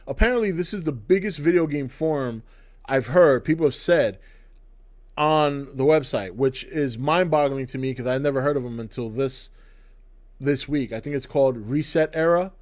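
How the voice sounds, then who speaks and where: A man's voice: mid-range voice, moderate pace, a little mellow. A middle-aged man hosting his own video channel, giving a blunt, sarcastic opinion rant to the camera. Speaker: channel host. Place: indoors, to camera.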